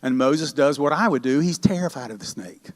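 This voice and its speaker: A middle-aged male pastor preaching a sermon in a chatty, animated storytelling manner. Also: mid-range voice, brisk. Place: church sanctuary. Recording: long church hall reverb.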